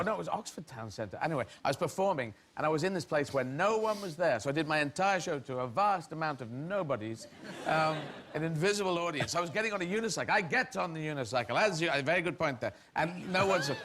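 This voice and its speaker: A man's voice: a little high, expressive, fairly quick, a bit bright, slight background noise. A middle-aged man from England, a comedian guest on a talk show, telling rambling stories that he often breaks off and laughs through. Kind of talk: anecdotal talk show storytelling.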